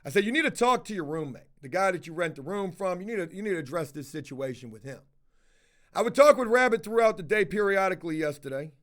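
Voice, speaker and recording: A man with a notably high voice talks casually to his camera audience. He tells his story bluntly, exasperated and swearing freely. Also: lively intonation, fast talker, fairly bright tone. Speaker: vlogger.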